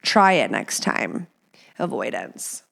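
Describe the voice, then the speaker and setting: A woman's voice: extremely low pitch, big pitch swings, takes it slowly, gravelly, a bit bright. A woman hosting a podcast, giving frank, profane and chatty relationship advice in a casual way. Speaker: podcast host.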